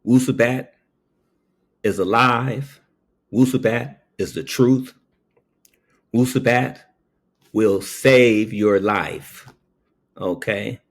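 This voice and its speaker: A man telling a story in a casual monologue. He checks in with "okay?" after nearly every phrase and jumps up in pitch when he acts out quoted voices. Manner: slow, keeps saying "okay?" between phrases.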